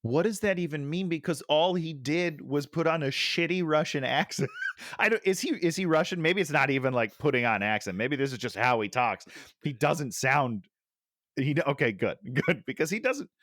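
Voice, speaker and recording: Exasperated middle-aged man, lively pitch. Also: moderate pace, no echo, studio quality. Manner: exasperated, ranting, sighing. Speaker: podcast co-host. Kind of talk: casual movie-review chat. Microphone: headset.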